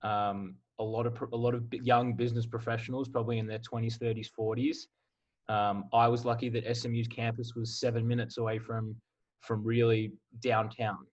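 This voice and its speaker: In a muffled recording, an Australian college football player in his twenties chats fairly quickly in a mid-range voice. He's a relaxed, candid podcast guest whose casual interview answers are full of "like."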